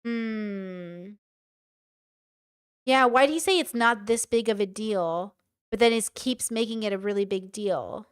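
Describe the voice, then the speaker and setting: A woman's voice: medium pitch, unhurried, clean tone, no room sound, studio quality. A woman streamer reacting to and reading out chat messages in a casual commentary style. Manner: casual, swears while reading.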